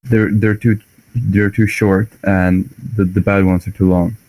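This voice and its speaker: Animated low-voiced man chatting. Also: a little slow, dry recording, poor audio. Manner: animated storyteller, acts out lines with laughs. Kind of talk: casual chat about books.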